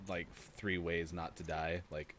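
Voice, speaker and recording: A man in his thirties co-hosts a gaming morning show with a fairly low voice. He chats casually, telling anecdotes and laughing often. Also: level tone, unhurried, noisy background. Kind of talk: casual chat.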